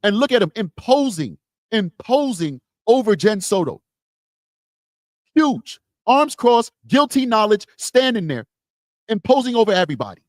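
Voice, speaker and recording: A man with a high voice co-hosts a live true-crime stream. He talks emphatically and repeats his points, and the sound is close and dry with no room around it. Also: very animated, a little slow, no echo. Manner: emphatic, repetitive, opinionated.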